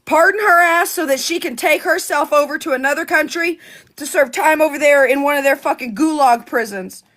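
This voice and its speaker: Fired-up high bright woman ranting. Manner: heated, profane, fast-talking. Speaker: political commentary vlogger. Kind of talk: angry live rant.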